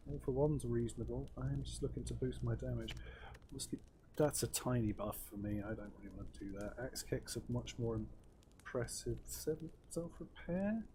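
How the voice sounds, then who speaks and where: A man's voice: mid-range voice, moderate pace, dark tone, a little hiss or hum. A man hosting a let's play, commenting casually on his moves with wry, self-deprecating asides as he thinks aloud. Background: faint game music.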